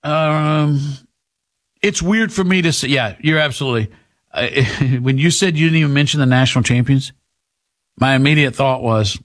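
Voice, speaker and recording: A man's voice: medium pitch, moderate pace. A male talk show host giving opinionated, rambling commentary on sports and politics, emphatic, with frequent restarts.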